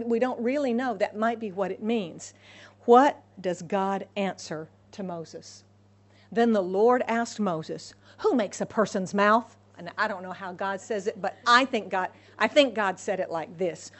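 Woman preaching an animated sermon. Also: medium pitch, unhurried. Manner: animated, acts out dialogue with God and Moses.

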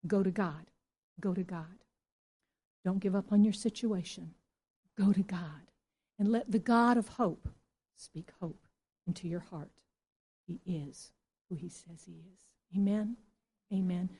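A woman pastor preaching a sermon to her church, impassioned and then soft and earnest. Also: medium pitch, a little slow, pauses often, breathy edge.

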